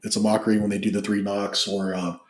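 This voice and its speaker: A male podcast host asking questions in a chatty, animated way during a casual interview. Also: on the low side, fast talker, echoey room. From Mexican-American family.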